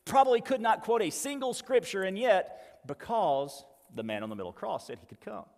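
A man's voice: sits high, lively intonation, moderate pace, darkish tone, in a large hall. A man preaching a sermon as pastor, conversational and emphatic, with folksy asides.

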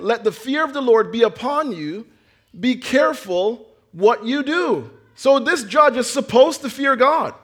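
High-voiced man preaching a sermon. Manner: earnest preaching, rising to near-shouts then dropping low. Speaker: pastor.

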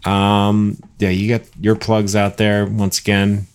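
A man co-hosting a podcast in casual chat, wisecracking and laid-back, and lively when he plugs his training business. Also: lowish voice, slow pace, clear, resonant tone. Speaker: podcast co-host and personal trainer.

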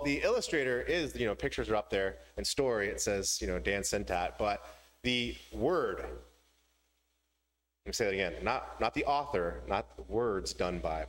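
A pastor with a mid-range, fairly bright voice delivers a sermon before a congregation in a church hall. He tells a story and playfully changes his voice as he goes.

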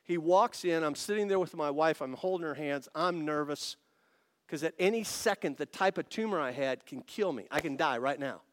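A man's voice: fairly high pitch, moderate pace. Man from Italy preaching a testimony. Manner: storytelling, acts out both sides of dialogue, rising to loud excited peaks. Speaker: pastor. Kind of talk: testimony sermon.

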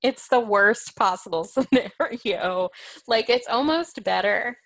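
A woman's voice: on the high side, slow, no echo, poor audio. A woman hosting a podcast, retelling a sitcom episode in a casual chat and acting out the characters' lines. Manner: animated retelling, quotes characters with shifting voices. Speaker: podcast host.

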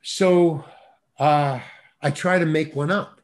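A man, an actor, telling a casual anecdote animatedly, restarting phrases and punching lines with quick interjections. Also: a little high, fairly even intonation. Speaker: actor guest telling a story.

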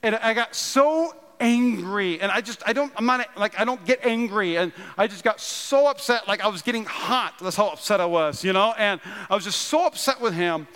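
A man in his thirties from North Dakota, preaching a sermon with animated storytelling and self-deprecating humor. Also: high-pitched, normal speed, hardly any pauses. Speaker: pastor. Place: large church auditorium. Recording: long hall reverb.

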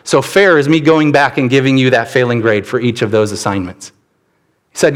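Man, pastor, sermon, storytelling, middle-aged, average pitch. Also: normal speed. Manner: storytelling, acts out quoted voices.

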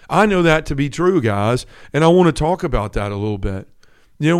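A middle-aged man hosts a faith podcast and speaks earnestly in an unscripted, conversational testimony. His voice sits a little high for a man. He leans on casual fillers like "like" and "right?" as he talks. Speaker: podcast host. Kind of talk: Catholic faith talk, personal testimony.

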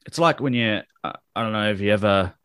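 A man's voice: on the low side, fast talker, fairly bright tone, clean tone, no echo, clean studio sound. A man co-hosting a casual football chat, blunt and profane, given to heated rants. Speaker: podcast co-host.

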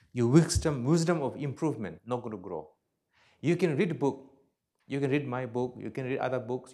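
A man whose first language is Tibetan, giving a Buddhist teaching to an audience in a lecture hall, speaking plain, repetitive English with lively humor. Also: medium pitch. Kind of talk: dharma talk to an audience.

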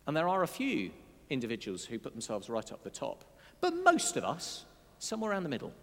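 A man's voice: medium pitch, creaky. A man preaching a sermon in a conversational way, with asides and dry humour. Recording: long hall reverb.

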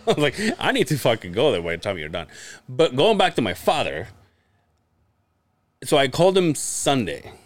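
A man's voice: medium pitch, moderate pace, long pauses, dry recording. A man co-hosting a casual podcast, telling family stories with lots of laughing, swearing and acted-out quotes. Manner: animated storytelling, acts out family quotes, swears, laughs often. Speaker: podcast co-host. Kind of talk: casual chat.

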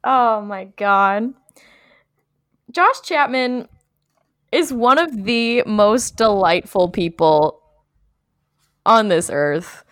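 A woman's voice: medium pitch, animated, extremely slow, pauses often, a bit bright, clean tone, no room sound. A woman co-hosting a podcast, chatting in a giggly, effusive way on a close mic. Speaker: podcast co-host. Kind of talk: casual chat.

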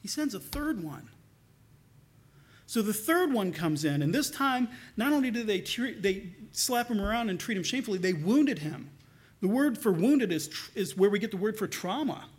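A male pastor delivers a sermon in a high, light voice. He tells the story in an animated, conversational way with casual asides. He often repeats a word as he starts a sentence again. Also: moderate pace. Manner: repeats words when restarting.

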